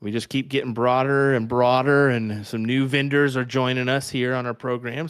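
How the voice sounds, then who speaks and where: A man's voice: mid-range voice, little pitch movement, normal speed, hardly any pauses, clear, resonant tone, no room sound, studio quality. A man with a Kansas accent commentating on darts, chatty and laughing often as he tells stories. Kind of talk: live sports commentary banter.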